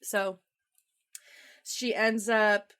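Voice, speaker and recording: Young woman, podcast co-host, chatty film recap, animated storytelling, mid-pitched voice. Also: extremely slow, clean tone. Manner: animated storytelling, acting out quoted lines. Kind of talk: casual chat recapping a film.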